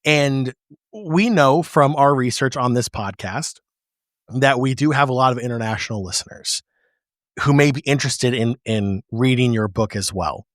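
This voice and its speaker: A man's voice: mid-range voice, moderate pace, dry recording, studio quality. A man from the United States, a podcast co-host, asking earnest questions and laughing easily in a casual interview.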